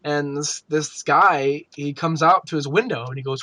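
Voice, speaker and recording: A young man co-hosting a gaming podcast, telling a story in casual chat, swearing freely and acting out shouted quotes. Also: a little high, normal speed, no echo. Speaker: podcast co-host.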